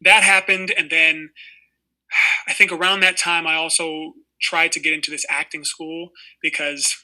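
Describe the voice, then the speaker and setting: A man's voice: fairly high pitch, flat delivery, unhurried, pushed and bright, poor audio. A man in his twenties, an actor being interviewed, telling stories casually with lots of fillers and restarts. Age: 20s. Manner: rambling, heavy on fillers like "you know". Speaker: actor guest.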